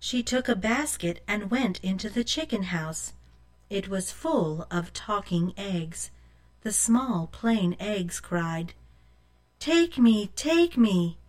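A woman reading a children's folk tale aloud in an expressive storytelling way, asking the listener questions. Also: medium pitch, slow.

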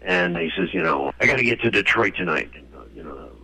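Animated gravelly man telling stories. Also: deep voice, fast talker. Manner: animated, acts out quoted voices. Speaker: guest author. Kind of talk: conversational interview storytelling. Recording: dull lo-fi radio audio.

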